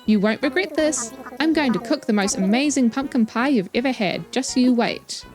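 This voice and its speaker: A woman's voice: on the high side, expressive, normal speed, faint music behind, natural voice. A woman with a New Zealand accent voicing a proud, showy male turkey chef by reading the game dialogue aloud. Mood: boastful.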